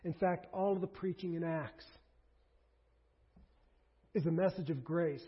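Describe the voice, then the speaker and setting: A man preaching a sermon as a pastor, emphatic and rising to forceful peaks. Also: on the high side, a little slow. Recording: dull lo-fi sermon recording.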